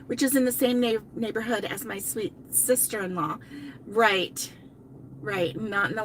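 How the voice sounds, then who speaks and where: Sitting in her car on a live stream, this older crochet channel host rambles along casually, laughs a lot and reads out comments from viewers. Her pitch is fairly high and a bit bright, with a little hiss or hum in the recording.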